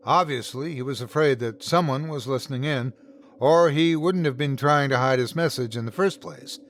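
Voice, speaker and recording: A man narrating a first-person horror story in an expressive, dramatic storytelling manner. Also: medium pitch, normal speed, no echo.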